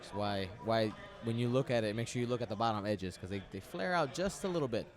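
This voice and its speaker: A man's voice: mid-range voice, fast talker, a crowd in the background. A man commentating a tabletop game match live, chatty and thinking aloud, often repeating himself.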